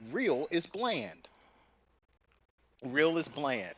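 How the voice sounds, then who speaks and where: A man streaming and chatting casually, telling rambling, profane stories in an animated way. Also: on the high side, very slow. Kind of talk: casual chat while streaming.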